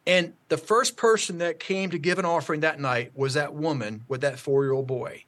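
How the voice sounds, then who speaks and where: A man telling a church testimony story on a call, halting, with many fillers and restarts. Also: fairly high pitch, a bit bright. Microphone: call audio.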